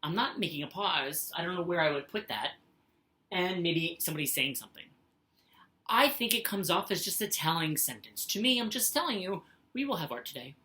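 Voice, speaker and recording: A patient woman teacher talks through a lesson in a low voice that swoops up and down, acting out example sentences with big expression. The recording is roomy and echoey. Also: expressive, fairly quick, pushed and bright. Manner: patient, sing-song, reads sentences aloud with exaggerated expression. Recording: echoey room.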